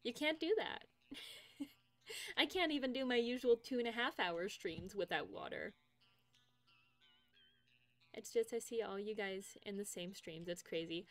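A woman's voice: medium pitch, measured pace, long pauses. A young woman streaming from home, chatting casually with her viewers, laughing often as she reads out their messages. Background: faint game music.

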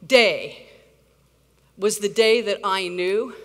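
A woman's voice: on the high side, lively intonation, normal speed, pushed and bright. A middle-aged woman giving a rousing, blunt conference keynote, swearing for emphasis. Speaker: keynote speaker, activist. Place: large conference hall. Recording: reverberant hall.

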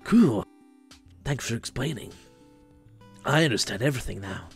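A man's voice: mid-range voice, normal speed, breathy edge, soft background music. A man voicing a bewildered, sarcastic teenage student in a game, speaking dryly. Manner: sarcastic, deadpan.

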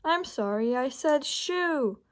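A woman voicing a small girl in a picture book, asking slow, puzzled questions in a higher voice. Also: lively intonation. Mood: apologetic.

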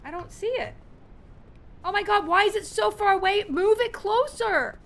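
A woman hosting a casual let's-play with friends, excitable and exclamatory, calling out orders to her teammates over voice chat. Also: very high voice, moderate pace. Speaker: host.

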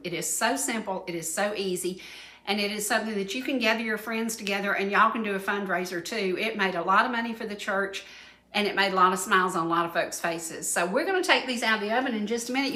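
A woman's voice: mid-range voice, sharp tone, reverberant, rough recording. A woman in her sixties with a Southern American accent, hosting a folksy cooking demonstration in a chatty, homespun way with emphatic repetitions. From Georgia, USA. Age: 60s. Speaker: cooking show host. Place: TV studio kitchen set.

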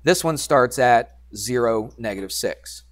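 A man teaching algebra to a class, animated and teasing, coaxing students with questions. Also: mid-range voice, a little slow. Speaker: high school math teacher. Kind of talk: classroom lecture.

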